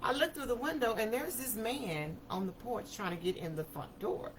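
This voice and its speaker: A woman's voice: a little high, normal speed, a little hiss or hum, low-quality recording. A woman in her fifties telling a personal story to an audience in a vivid, emphatic manner with everyday vernacular. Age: 50s. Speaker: speaker. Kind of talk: personal testimony talk.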